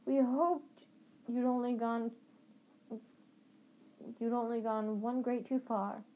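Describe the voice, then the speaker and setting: A woman's voice: fairly high pitch, fairly even intonation, slow, narrow, tinny audio. A woman doing a panting, anxious balding dad. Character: balding anxious father, out of breath. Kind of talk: storybook reading.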